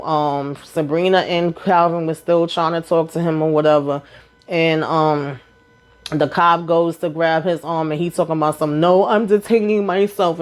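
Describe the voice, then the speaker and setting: Animated woman recapping a TV drama. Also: low-pitched. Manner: animated retelling, acting out characters' lines in quick bursts; blunt and profane, with frequent asides. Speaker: TV show recap host. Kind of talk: casual recap monologue.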